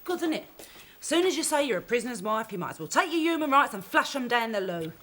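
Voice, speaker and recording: Brief: a fiery housewife, high and very lively voice, audible background noise. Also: female voice. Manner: indignant, quick-tempered, argumentative. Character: brassy London housewife, married to a prisoner. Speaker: sitcom character.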